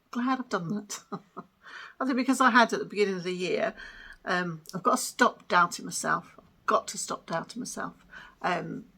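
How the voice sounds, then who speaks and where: A woman's voice: mid-range voice, pushed and bright. A woman hosting a crafting vlog, chatting casually at home with lots of ums, little laughs and self-deprecating asides. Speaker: crafting podcast host.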